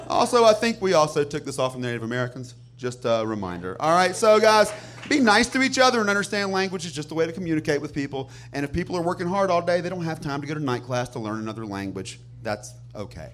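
A lively man with a Southern accent and a somewhat high voice that rises and falls a lot as he tells a comic rant. He laughs through his punchlines, with faint ambience behind him. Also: quick pace, a little hiss or hum. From Nashville, Tennessee. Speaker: stand-up comic guest.

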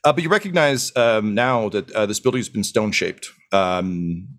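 A man's voice: fairly low pitch, moderate pace. A man running a tabletop game as game master, narrating with many hesitations and fillers.

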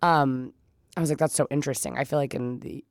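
Low-voiced, fast-talking woman chatting. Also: fairly even intonation, gravelly, dry recording, clean studio sound. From California. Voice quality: rambling, full of restarts and "like". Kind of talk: casual chat.

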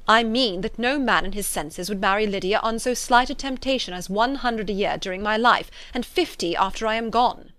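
A woman's voice: mid-range voice, moderate pace, hardly any pauses, a bit bright, dry recording, natural voice. A woman reading a classic novel aloud, voicing a weary, sardonic older father in a dry, plain delivery.

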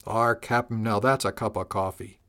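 A man voicing a laconic crewman who answers in low, quiet, understated replies. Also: steady tone, normal speed. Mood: dry. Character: laconic male cook, dry and understated.

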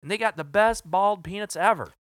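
A man's voice: sits high, no echo, clean studio sound, voice pushed up. A man voicing an eager, friendly male sales rep from the American South who speaks with a drawl. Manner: excited, pushy, talks quickly.

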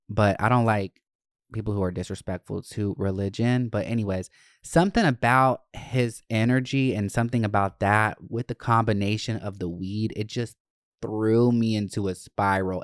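Smooth-voiced young man telling stories. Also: medium pitch, no room sound, clean studio sound. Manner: profane, animated, acts out quoted voices. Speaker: storyteller. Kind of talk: casual storytelling.

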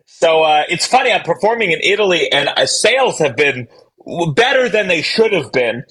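Husky comedian man, quick self-mocking. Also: a little high, big pitch swings, a bit bright, poor audio. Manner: quick, self-deprecating jokes with many restarts. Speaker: stand-up comedian guest. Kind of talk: casual interview chat.

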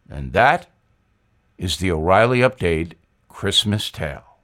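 A man's voice: deep voice, expressive, measured pace, long pauses, fairly bright tone. An older man hosting a news commentary show, telling a wry satirical tale with emphasis. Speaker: host.

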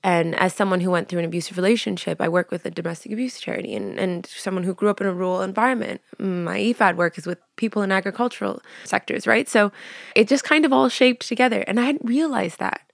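A woman's voice: medium pitch, quick pace, creaky, no room sound, studio quality. A woman in her thirties from Canada, a podcast guest who tells stories with animation, laughs often and acts out what people said. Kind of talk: casual interview chat.

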